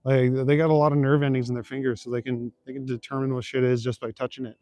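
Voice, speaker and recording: A man's voice: medium pitch, flat delivery, fast talker, mellow, dry recording. A young man chatting casually with viewers while walking city streets at night, rambling and chuckling with lots of fillers. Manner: laid-back, chuckling, rambling with many fillers. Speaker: livestreaming vlogger. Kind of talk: casual chat, reading and answering viewer comments.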